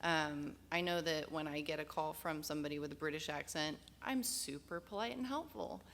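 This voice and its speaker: A woman with an American accent telling a story in a relaxed way on a panel. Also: sits low, normal speed, a little hiss or hum. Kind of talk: casual panel discussion.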